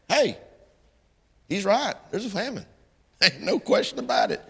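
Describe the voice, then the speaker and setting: A middle-aged man preaching a sermon in a folksy style that climbs into impassioned, shouted passages. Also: sits high, animated, unhurried, creaky, long pauses, big-room sound.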